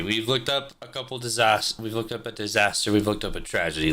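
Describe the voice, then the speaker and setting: A man with a low, bright, forceful voice talks casually while reacting to videos. He tosses out muttered asides between clips, relaxed and offhand. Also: fairly quick. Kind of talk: casual chat.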